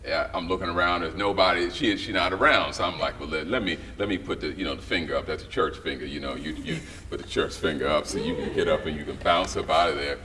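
Middle-aged guy with a low voice spinning stories in an interview, does the voices of people he quotes, mic kinda far off, bit of hiss. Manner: animated storyteller who acts out quoted voices. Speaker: guest, writer and director. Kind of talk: storytelling in a casual interview. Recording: slightly distant mic with faint background noise.

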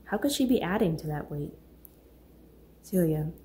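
A woman narrating a Christian suspense audiobook with a steady, measured reading. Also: fairly low pitch. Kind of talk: scripted narration.

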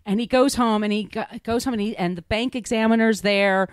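A woman's voice: mid-range voice, fairly quick, clean tone, no echo. Woman cohost rambling through a movie recap, dry close mic. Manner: chatty, rambling, with laughs and restarts. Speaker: podcast co-host. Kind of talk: casual chat retelling a film.

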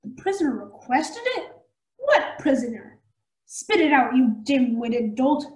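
A woman voicing a grandiose, haughty male alien warlord cat, slow and commanding. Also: sits high, big pitch swings, a little mellow, echoey room, poor audio.

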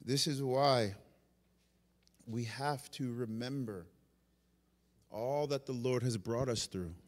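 A male pastor preaching a passionate sermon. He swings from loud, urgent peaks to quiet, intimate asides and acts out prayers and God's replies in the first person. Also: medium pitch, takes it slowly, long reverb tail. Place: church sanctuary.

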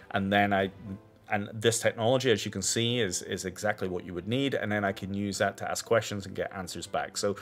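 A man presenting a screen-share technology demo, explaining in a halting way that restarts and repeats words. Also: on the low side. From Scotland.

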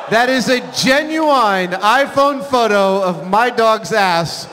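An animated, excitable man in his forties tells funny stories on a theater stage, his voice sitting high and lively. He swings from loud outbursts to hushed asides. The sound carries a long theater reverb with faint noise behind it. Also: slow, few pauses, crowd noise. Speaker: stage storyteller. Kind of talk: live comedic storytelling on stage.

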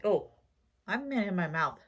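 A woman's voice: on the low side, big pitch swings, takes it slowly, fairly bright tone, husky. A tired woman with a New York accent, rambling through a casual shopping haul vlog with lots of fillers and self-corrections. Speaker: haul vlogger.

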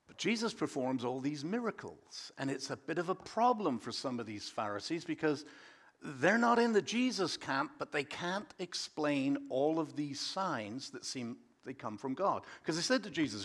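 Lively, conversational male pastor. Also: on the high side, a little slow, breathy edge. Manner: conversational, animated storytelling. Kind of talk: sermon. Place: church.

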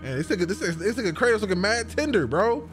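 Young guy gaming and reacting, high voice, loud excitable outbursts, swears a lot. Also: fast talker, faint music behind. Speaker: gamer reacting to a video game. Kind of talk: game reaction commentary.

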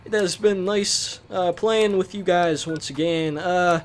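A young man hosting a Let's Play, rambling casually as he plays and bursting into excited shouts. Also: high voice, a little slow. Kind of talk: casual gameplay commentary.

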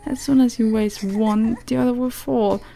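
A woman's voice: on the high side, steady tone, dark tone. A woman doing a whispering taunting villain. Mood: menacing whisper. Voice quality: breathy whisper. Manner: mocking, slow, theatrical. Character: taunting male villain stalking a detective. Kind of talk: reading game dialogue aloud.

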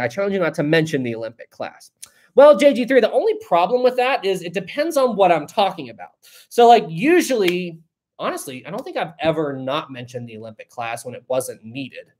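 A livestream host chats casually with viewers, reading their donation messages aloud and thinking out loud in between. The pitch is lively and ranges widely, and the host laughs easily, keeping it loose and jokey.

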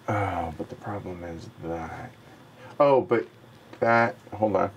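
A man calling turns and explaining rules in an unhurried way in a casual live-streamed board game chat. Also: sits low, muffled recording, slight background noise. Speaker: board game show regular.

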